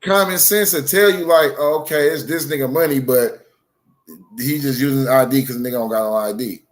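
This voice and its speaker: A man telling a story in casual chat, profane and animated, acting out both sides of the dialogue. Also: medium pitch, brisk.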